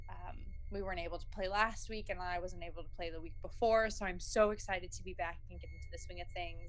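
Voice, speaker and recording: A woman's voice: lowish voice, slight background noise. A young woman chatting casually as a tabletop player, upbeat and talkative. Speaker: player and podcast host. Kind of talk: casual chat.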